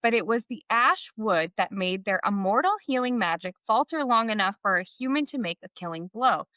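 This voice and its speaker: A woman's voice: medium pitch, expressive, normal speed, bright, forceful tone, dry recording. A woman co-hosting a book podcast, chatting casually, reading passages aloud and laughing often. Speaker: podcast co-host. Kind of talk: casual book discussion chat.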